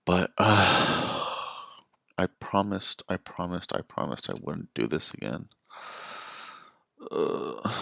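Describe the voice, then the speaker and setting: Low gravelly man rambling on camera. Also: fairly bright tone, no room sound. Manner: rambling, restarts, emphatic rhetorical questions. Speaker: vlogger. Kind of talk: casual storytelling monologue.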